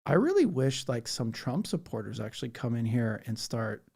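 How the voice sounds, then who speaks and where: A man's voice: mid-range voice, very animated, normal speed, creaky, a little mellow, slightly rough. A man hosting a casual livestream, chatting loosely and reading out viewer comments. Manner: rambling, chatty, reads chat comments aloud. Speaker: livestream host.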